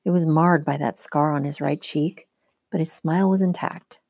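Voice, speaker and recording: A woman teacher reads a novel aloud, steady and clear in her storytelling. Her voice is low-set and mellow. The sound is dry and close. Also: moderate pace, no room sound.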